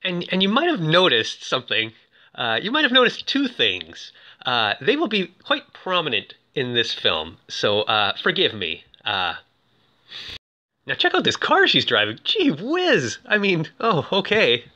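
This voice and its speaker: A man's voice: a little high, huge pitch swings, a little slow, sharp tone. A man giving casual, playful commentary over film clips, full of fillers and cheeky asides. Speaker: film reviewer.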